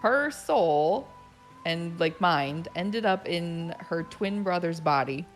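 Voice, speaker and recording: A woman guest on a casual podcast chat, speaking in a relaxed, matter-of-fact way. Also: on the low side, slow pace, faint music behind.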